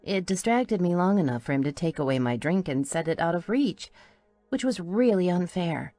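A woman's voice: on the low side, lively intonation, normal speed, warm tone, dry recording. A woman narrating a first-person audiobook in a wry, playful storytelling manner.

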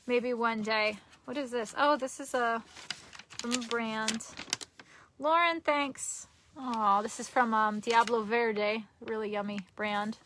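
Live-streaming from a messy bedroom, a young vlogger talks casually with lots of giggles and rambling, frequently starting her sentences over. Her voice is on the high side, pushed and bright, with slight background noise.

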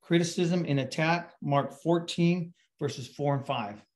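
Middle-aged man, pastor; relaxed sermon delivery, chatty and anecdotal, voice sits a bit high. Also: unhurried. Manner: casual, storytelling with fillers and restarts. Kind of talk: conversational sermon.

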